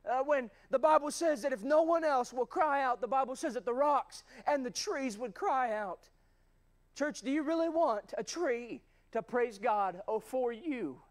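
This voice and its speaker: High-voiced fervent male preacher. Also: expressive, unhurried. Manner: fervent, shouting at peaks, addresses the congregation as church. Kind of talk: sermon. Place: church sanctuary.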